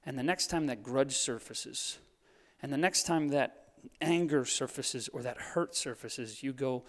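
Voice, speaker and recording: A man preaching a sermon, moving between quiet hushed lines and fired-up urging, with a playful streak. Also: medium pitch, fairly even intonation, unhurried. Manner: playful, laughs at his own jokes. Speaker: pastor. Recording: long hall reverb.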